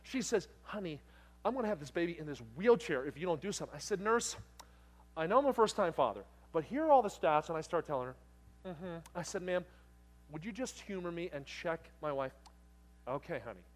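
A middle-aged man preaching a sermon, telling a story with acted-out voices that swing from loud bursts to hushed, tender moments. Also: a little high, lively intonation, fairly quick.

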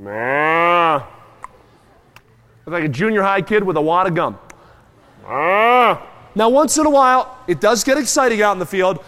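A man with a high, bright pitch preaches a lively sermon, mooing and chewing aloud for effect and calling on his listeners to answer back. His voice rings out with a long reverb, as from a church sanctuary. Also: quick pace, hardly any pauses, a little hiss or hum. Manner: animated, moos and chews aloud, calls on the crowd.

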